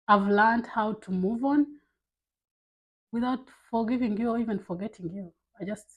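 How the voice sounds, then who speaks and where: A woman's voice: medium pitch, a little mellow, breathy edge, poor audio. A woman talking candidly to camera, giving blunt life advice in a casual, filler-filled way. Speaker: vlogger.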